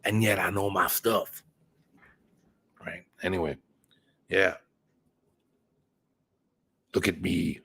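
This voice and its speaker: A man's voice: low voice, fairly even intonation, slow pace, vocal fry, long pauses, sharp tone, husky. A man hosting a casual livestream, chatting with viewers in a rambling way, swearing now and then and thinking aloud. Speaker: channel host reading live chat.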